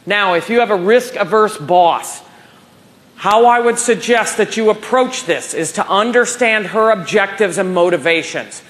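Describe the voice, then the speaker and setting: A woman's voice: medium pitch, measured pace. A woman in her forties giving a motivational keynote at a professional conference, telling stories and acting out dialogue. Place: conference hall stage.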